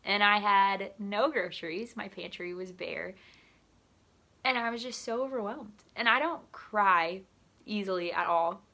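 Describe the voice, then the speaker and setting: A young woman in church ministry tells her vlog viewers a personal story with lots of energy, performing the voices of the people involved. Her voice sits in the middle range and moves a little slowly.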